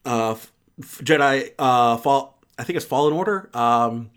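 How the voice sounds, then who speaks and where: A man's voice: medium pitch, a little slow, smooth. A man hosting a casual movie review chat, rambling and cutting himself off mid-sentence. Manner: rambling, self-interrupting, laughs easily.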